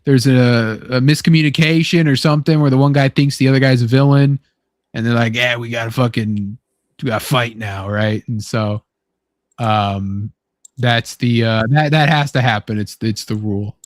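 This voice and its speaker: A young man hosting a casual chat, excitable and swearing freely, acting out quotes as he talks. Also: mid-range voice, normal speed, no room sound, studio quality. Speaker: podcast host.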